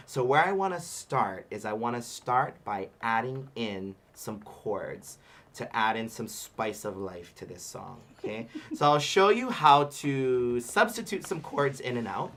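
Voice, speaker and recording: A man teaching a relaxed livestream ukulele lesson in a conversational voice. He breaks Hawaiian words into slow, careful syllables as he demonstrates them. His talk is loose and friendly, full of fillers and easy laughter. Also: lowish voice. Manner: explains patiently, sounds out Hawaiian words syllable by syllable; chatty with frequent fillers and laughter. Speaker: ukulele workshop instructor.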